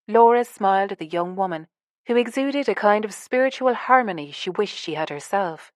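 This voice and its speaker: A woman's voice: medium pitch, expressive, normal speed, no room sound. Woman reading an audiobook, dry close sound. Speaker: audiobook narrator. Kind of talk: scripted narration.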